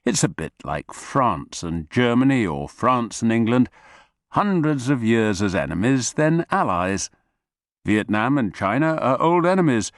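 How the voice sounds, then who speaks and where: A man's voice: mid-range voice, dry recording, studio quality. A man doing a worldly Corsican-accented businessman. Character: wealthy middle-aged Corsican man, calm, worldly.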